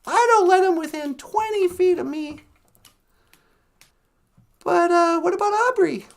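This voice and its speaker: A woman's voice: very high-pitched, measured pace, pitched above the performer's own voice. A woman voicing a boisterous, laughing male squirrel in a storytelling podcast. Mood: teasing.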